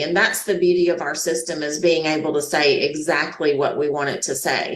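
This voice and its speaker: Southern woman, 50s, folksy webinar guest, lowish voice, roomy video-call sound. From Georgia, US. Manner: folksy, uses y'all. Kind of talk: casual chat on a webinar.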